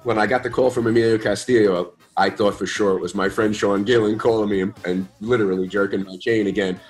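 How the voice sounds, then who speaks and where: A man in his fifties from New York, telling stories as a guest in a casual interview, relaxed and chatty with slang and mild swearing. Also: lowish voice, quick pace, soft background music. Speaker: guest musician.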